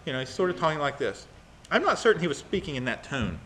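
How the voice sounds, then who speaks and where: A man teaching a Bible study, talking haltingly with many fillers and acting out the verses he reads. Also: a little high, sing-song, fairly bright tone, slight background noise.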